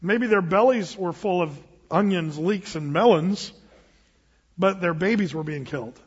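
A man's voice: high voice, a little slow, breathy edge. A middle-aged man preaching a sermon as pastor, casual and conversational, quizzing the congregation. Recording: dull live recording in a reverberant hall.

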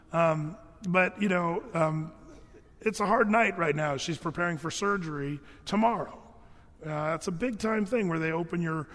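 A man's voice: on the high side, a bit bright, in a large hall. A man giving a conversational, earnest sermon as a pastor, with frequent fillers and restarts.

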